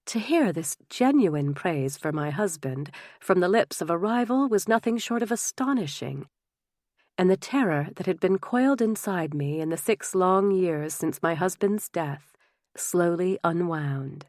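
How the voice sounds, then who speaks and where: Woman reading an audiobook, measured and expressive, lowish voice, dry close sound. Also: no echo. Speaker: audiobook narrator. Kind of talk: first-person audiobook narration.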